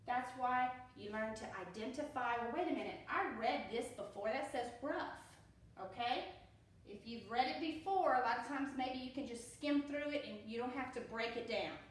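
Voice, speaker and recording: A woman teaching a phonics lesson to young children, speaking slowly and patiently and often checking in with "okay?". She has a Southern US accent. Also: fairly high pitch, lively intonation. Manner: slow, patient, repeats with "okay?". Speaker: pre-K teacher. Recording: echoey room, voice a bit far from mic.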